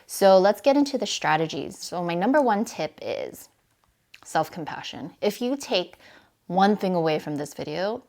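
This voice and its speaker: A woman's voice: fairly low pitch, darkish tone. A woman life coach in a casual advice vlog, talking earnestly and encouragingly straight to the viewer, chatty with little "right?" asides.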